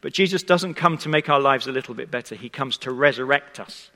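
A man preaches with a bright, forceful voice, telling the story in a conversational way and turning often to speak to his listeners. His words ring out with a long echo from a church hall. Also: mid-range voice, a little fast. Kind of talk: sermon.

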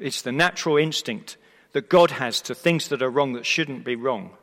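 A man preaching a sermon to a live congregation, emphatic and expressive, asking the listeners rhetorical questions and often restarting his sentences. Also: medium pitch. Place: church or hall before a live congregation. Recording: long reverb of a large hall.

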